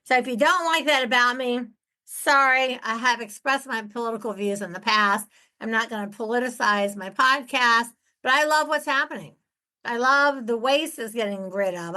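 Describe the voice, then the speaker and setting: Bright, forceful woman podcast host. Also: on the high side, moderate pace. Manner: chatty, candid and enthusiastic. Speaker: real estate investing podcast host. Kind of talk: casual solo podcast talk. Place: at home.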